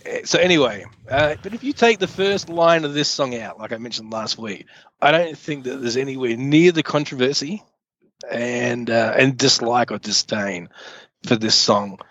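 A man's voice: mid-range voice, animated, moderate pace, a bit bright, no room sound, lo-fi sound. A man co-hosting a casual podcast chat, opinionated with dry jokes. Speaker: podcast co-host.

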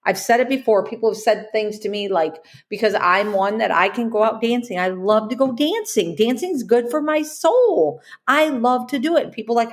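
A woman's voice: a little high, lively intonation, moderate pace, hardly any pauses. A woman hosting a podcast, talking earnestly in a motivational monologue, repeating her points and asking rhetorical questions. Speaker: podcast host.

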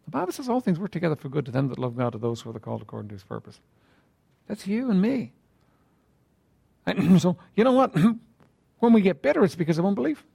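A man preaching a sermon in a conversational way, asking rhetorical questions and often clearing his throat. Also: on the high side, a little mellow.

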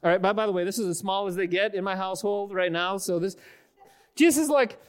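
A man preaching a conversational sermon on a church stage, animated and casual, often repeating words as he restarts. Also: high-pitched, fast talker, clean tone. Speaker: pastor. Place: church stage before a congregation.

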